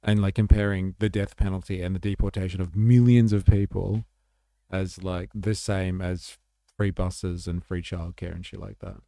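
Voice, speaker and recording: A man's voice: deep voice, level tone, moderate pace, gravelly, mellow, no echo, studio quality. A man hosting a livestream, reacting to chat in a laid-back, rambling way with swearing and fillers. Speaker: livestream host.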